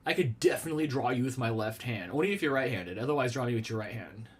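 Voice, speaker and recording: A man's voice: medium pitch, animated, fast talker, breathy edge. A man hosting a casual live stream from a small room at home. He rambles in a playful way, answers viewer comments and jokes about himself. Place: small room at home with a red wall and lava lamps.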